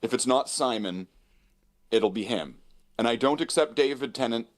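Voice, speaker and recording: A man's voice: mid-range voice, normal speed. A man co-hosting a casual chat, rambling and laughing often. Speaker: co-host.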